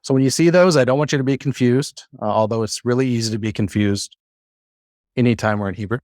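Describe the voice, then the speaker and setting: A man teaching a class, talking in a relaxed, halting way with many fillers and restarts. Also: medium pitch, dry recording, clean studio sound. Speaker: Bible Hebrew teacher.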